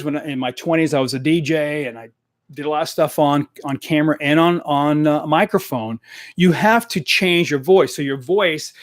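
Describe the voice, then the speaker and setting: Direct, energetic male sales coach. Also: on the high side, dry recording, studio quality. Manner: energetic, direct, coaching the audience with repeated phrases. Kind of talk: live-streamed coaching talk. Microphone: desk microphone.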